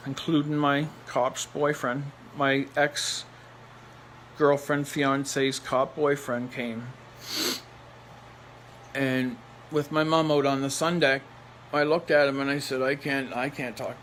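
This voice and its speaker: A man's voice: mid-range voice, fairly even intonation, measured pace, fairly bright tone, low-quality recording. Man with a middle-range voice, telling a personal story bluntly, with faint noise behind him. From Nova Scotia, Canada. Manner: blunt, rambling, repeats phrases for emphasis; laughs between lines.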